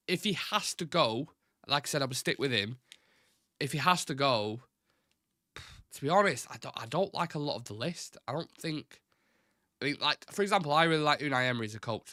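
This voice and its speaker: Young Mancunian man, bright casual voice. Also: mid-range voice, dry recording, studio quality. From Manchester, England. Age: 20s. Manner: casual, blunt, swears freely, reads out chat questions. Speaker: fan channel host. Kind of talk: live stream chat reading viewer comments.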